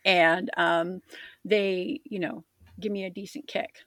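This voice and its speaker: A woman's voice: on the low side, level tone, takes it slowly, a bit bright, dry recording. A woman co-hosting a podcast in casual chat, rambling and self-deprecating. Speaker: podcast co-host.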